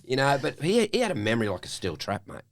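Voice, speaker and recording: A man's voice: medium pitch, huge pitch swings, fast talker. An Australian man hosting a podcast, chatting casually in a blokey way and swearing freely. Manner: blokey, swears, says mate. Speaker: podcast host. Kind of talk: casual chat.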